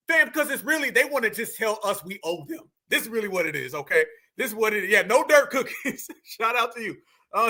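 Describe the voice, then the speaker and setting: A man hosting a casual livestream, bantering loudly with the chat and eating while he talks. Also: extremely high pitch. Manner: loud, bantering, eats while talking. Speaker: livestream host.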